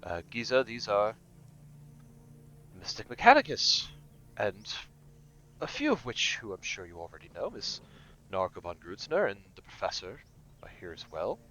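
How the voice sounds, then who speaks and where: A man voicing a calm senior academy master who speaks in a measured, formal way. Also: on the low side, heavily acted. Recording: dull lo-fi recording.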